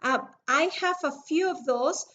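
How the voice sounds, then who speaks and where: A middle-aged woman with a noticeable foreign accent talks through a lesson over a video call. Her voice sits high, and she keeps a calm, patient, friendly manner while giving step-by-step instructions, with a faint hiss of noise in the recording. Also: normal speed, lo-fi sound. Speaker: essential oil mixing instructor.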